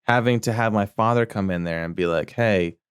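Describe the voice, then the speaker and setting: Guy on a podcast rambling through a crude story, low-ish voice, smooth, dry close mic. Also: brisk, no room sound. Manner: rambling, crude, full of fillers; acts out quotes in raised voice. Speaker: podcast co-host. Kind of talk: casual podcast chat, storytelling.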